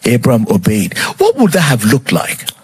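Delivering a sermon in a husky, slightly rough voice, a male preacher retells a scripture story with dramatic flair and wildly swooping pitch at a moderate pace. He repeatedly turns to his listeners with rhetorical questions.

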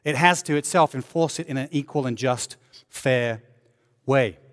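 A man's voice: medium pitch, moderate pace. Preaching man in a reverberant hall. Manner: animated preaching with asides and sarcasm. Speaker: pastor. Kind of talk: sermon.

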